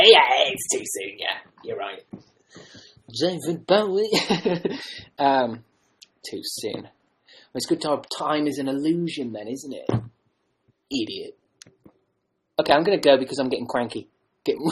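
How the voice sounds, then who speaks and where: A man chatting loosely to his livestream viewers, his voice slightly husky. He jokes at his own expense and wanders from thought to thought. He is heard through a home webcam mic. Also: mid-range voice, poor audio. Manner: joking, rambling, self-mocking. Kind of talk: rambling casual livestream chat.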